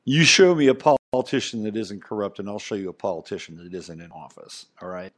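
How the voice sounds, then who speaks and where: A man's voice: fairly low pitch, fairly quick, hardly any pauses. Male podcast host, middle-aged, casual emphatic monologue with asides. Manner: rambling, emphatic, conversational, with frequent asides.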